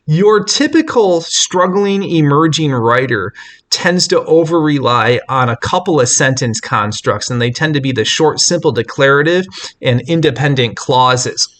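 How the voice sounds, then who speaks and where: A man's voice: a little high, expressive, unhurried, fairly bright tone. A middle-aged man, a composition teacher, talking earnestly and emphatically to fellow teachers, with fillers and restarts. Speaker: writing teacher.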